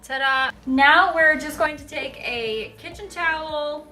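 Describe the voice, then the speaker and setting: A woman's voice: sits high, takes it slowly, pushed and bright. A young woman in her home kitchen, chatting casually through a baking vlog, playful and self-deprecating, tripping over her words, with faint music behind. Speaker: home baker vlogger.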